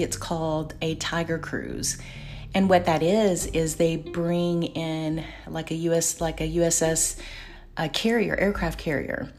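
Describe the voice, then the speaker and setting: Chatty woman rambling through a story. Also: fairly low pitch. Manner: rambling, laughs while telling stories, self-correcting. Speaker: podcast host. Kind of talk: casual storytelling chat. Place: at home doing her makeup.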